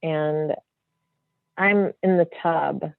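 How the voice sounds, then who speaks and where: A woman's voice: deep voice, drawn-out words, vocal fry, no echo. Chatty woman medium on a tinny line. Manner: animated, free-flowing, many fillers like "like" and "you know". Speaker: medium, podcast guest. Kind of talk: casual storytelling in an interview. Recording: tinny phone-like line, dry.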